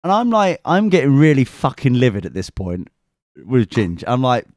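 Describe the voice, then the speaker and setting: A young English man co-hosting a podcast, telling a sweary, animated story in a casual chat. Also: a little high, normal speed, no room sound, clean studio sound. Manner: sweary, animated anecdote with mimicked voices. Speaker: podcast co-host.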